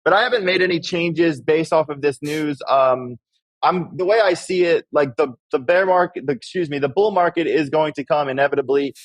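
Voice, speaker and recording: A man's voice: a little high, moderate pace, no echo, poor audio. A man talking as a panel guest in casual chat, hesitant and full of ums. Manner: hesitant, lots of ums and likes.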